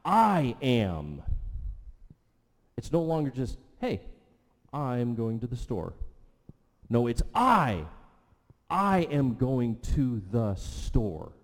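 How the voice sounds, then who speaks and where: A man's voice: medium pitch, sing-song, extremely slow, pauses often. A middle-aged man teaching a sermon to a congregation, chatty and often checking in with "okay" and "right". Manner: conversational, repeats okay and right. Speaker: pastor. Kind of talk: sermon teaching with audience questions. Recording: long hall reverb.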